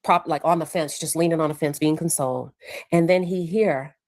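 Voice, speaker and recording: A woman's voice: deep voice, fairly quick, a little mellow, dry recording. A woman recapping courtroom testimony, acting out the witnesses' words. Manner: acts out quoted witnesses with raised voice. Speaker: courtroom reporter.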